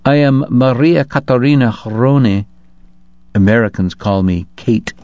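A man voicing a gracious hostess with a Hungarian accent, her voice low and husky, warm and dignified. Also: unhurried, dry recording, lightly acted. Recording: dull lo-fi dry recording.

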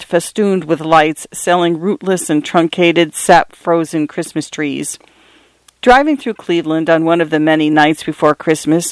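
Man narrating a novel, smooth and dry. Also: fairly high pitch, no room sound. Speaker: audiobook narrator. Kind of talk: scripted literary narration.

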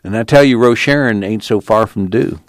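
This is a tired, beaten-down farm father who sounds mournful in a slow rural dialect, voiced by a man. The voice sits low and close. The sound is dry. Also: no room sound, close to an everyday voice. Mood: weary.

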